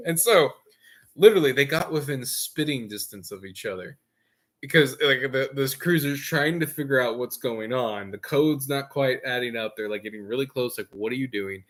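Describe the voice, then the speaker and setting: A man's voice: mid-range voice, normal speed, fairly bright tone. A man hosting a gaming stream, telling a long story in casual chat with jokey asides and frequent laughs. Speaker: stream host.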